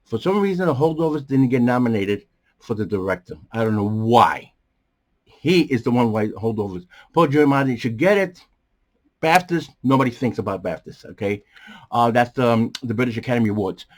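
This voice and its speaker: A man hosts a movie review show, talking in a rambling, animated way. His voice is strained, with coughs breaking through, and he restarts his sentences often. He talks from a small bedroom studio. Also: mid-range voice, moderate pace. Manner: animated, jumps around, many fillers and restarts. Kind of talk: casual rambling commentary.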